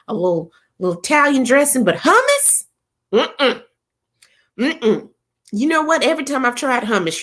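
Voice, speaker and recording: A middle-aged woman from the American South hosts a relaxed live-stream chat with a fairly high voice. Her pitch leaps and dips playfully, and she breaks into laughter often while chatting with viewers. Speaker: host of a live chat show.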